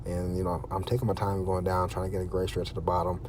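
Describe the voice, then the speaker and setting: A low-voiced man talks straight to his viewers in a casual vlog, blunt and profane and quick to wander off on tangents. Faint noise hums behind him. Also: monotone. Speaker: fitness vlogger. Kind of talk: casual workout vlog talk.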